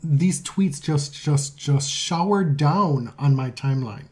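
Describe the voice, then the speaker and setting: A man's voice: a little high, expressive, takes it slowly, darkish tone. A man co-hosting a casual podcast chat, retelling stories and reading tweets aloud in a conversational way. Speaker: podcast co-host.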